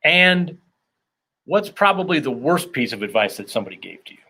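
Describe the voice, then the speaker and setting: A man's voice: a little high, sing-song, a little fast, bright, forceful tone. A man hosting a casual comedy interview, rambling with self-deprecating jokes and asides. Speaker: podcast host.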